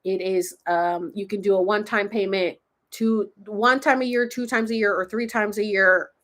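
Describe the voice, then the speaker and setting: A woman's voice: mid-range voice, steady tone, normal speed, a bit bright. A young woman from Florida with a slight Southern twang, chatting casually and rambling cheerfully as she wraps up her livestream. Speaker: livestream host.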